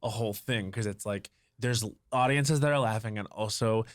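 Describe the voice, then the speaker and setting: A man's voice: lowish voice, moderate pace, no echo, clean studio sound. Eager male podcast co-host, rambling. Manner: enthusiastic, rambling with many "like"s. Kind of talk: casual podcast chat.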